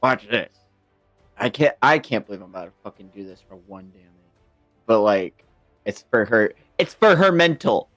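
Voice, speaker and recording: A man playing in a tabletop game, speaking in an animated, playful way with casual swearing. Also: lowish voice, normal speed, pauses often, soft background music. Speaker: player. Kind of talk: casual tabletop role-play.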